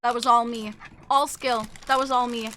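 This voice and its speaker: A young woman streamer chatting casually with her viewers, excitable and gushing, swearing freely. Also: a little high, moderate pace, slight background noise. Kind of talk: casual live-stream chat.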